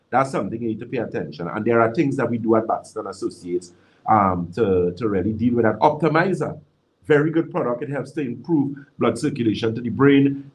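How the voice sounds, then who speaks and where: A man's voice: mid-range voice, poor audio. Emphatic man giving health advice. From Trinidad and Tobago. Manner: emphatic, repeats key words for stress. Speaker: natural health practitioner answering viewers. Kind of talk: live-stream health advice.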